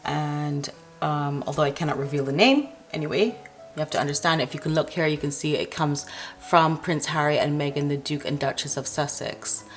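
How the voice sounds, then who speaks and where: A woman's voice: sits low, steady tone, normal speed, soft background music. A woman talking casually to her viewers, giving her opinions in a chatty vlog. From Barbados. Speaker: vlogger.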